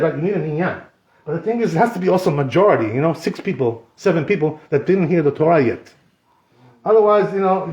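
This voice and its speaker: A man teaching a Torah class as a rabbi, animated and joking, with many rhetorical questions. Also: high voice. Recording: echoey room, slightly dull.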